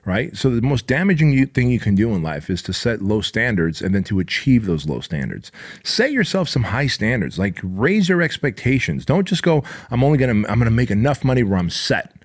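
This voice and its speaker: A man's voice: medium pitch, big pitch swings, normal speed. Give me a blunt, emphatic man in his forties delivering a profane motivational talk on his podcast. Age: 40s. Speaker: podcast host. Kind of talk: motivational monologue.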